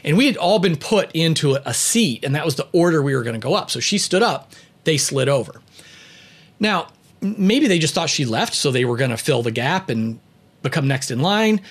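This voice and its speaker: A man's voice: on the high side, animated, moderate pace, breathy edge. A man talking about leadership and personality in a casual storytelling monologue, with lots of "you know" fillers and light chuckles. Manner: conversational, many "you know" fillers, chuckles while telling.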